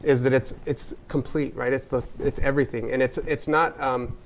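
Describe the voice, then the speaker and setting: A man's voice: mid-range voice, steady tone, moderate pace, a little hiss or hum. An American man, a wellness spa owner, talking earnestly in a casual interview, rambling with many fillers and restarts.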